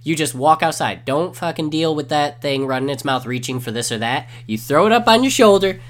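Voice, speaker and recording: Joking co-host, a man whose animated voice swoops around as he tells his stories. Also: a little high, brisk. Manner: joking and animated, acts out quoted lines. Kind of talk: casual chat.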